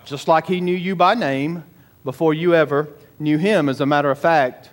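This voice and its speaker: A man's voice: a little high, fairly even intonation. Emphatic man preaching a sermon. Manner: emphatic, slows for stress and repeats words. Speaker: pastor.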